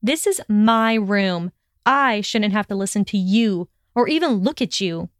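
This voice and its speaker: A woman voicing a furious, sharp-tongued young witch who snaps and rises in pitch when angry. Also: lively intonation, unhurried, no echo, clean studio sound, natural voice. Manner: snapping, raised and shrill when angry.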